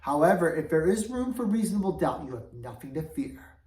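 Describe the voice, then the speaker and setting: A woman's voice: deep voice, big pitch swings, fairly quick, dark tone. A woman voicing a stern, commanding king who interrogates and gives orders, in a roomy recording from a distance. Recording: roomy, voice away from mic.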